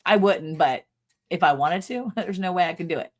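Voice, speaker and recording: Woman, middle-aged, low-ish voice, giggly, chatty livestream host. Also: normal speed. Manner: giggly, reads viewer comments aloud. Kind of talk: casual livestream chat.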